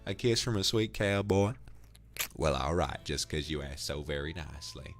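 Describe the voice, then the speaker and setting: A man voicing a flirtatious, smooth-talking cowboy with a put-on Texan accent, calling everyone darling. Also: a bass voice, expressive, moderate pace, soft background music. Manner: drawling, sweet-talking, calls everyone darling. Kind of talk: character voice on a livestream.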